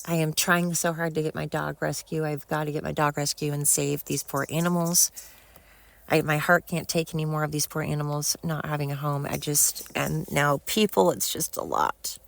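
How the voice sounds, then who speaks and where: A woman's voice: low-pitched, flat delivery, moderate pace, creaky, no room sound. A middle-aged woman hosting a solo podcast, rambling and heartfelt, swearing freely as she vents and then thanks her listeners. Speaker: podcast host.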